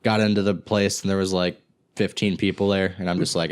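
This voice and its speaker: A man's voice: sits low, level tone, fairly quick. A young man and podcast co-host, chatting casually in a laid-back, rambling way. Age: young adult. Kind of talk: casual chat.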